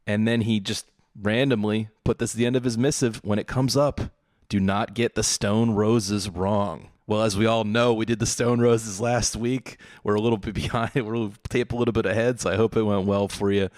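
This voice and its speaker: A man's voice: on the low side, little pitch movement, brisk, darkish tone, no echo. An American man co-hosting a podcast, reading listener mail aloud in a dry, amused way. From United States. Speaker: podcast co-host.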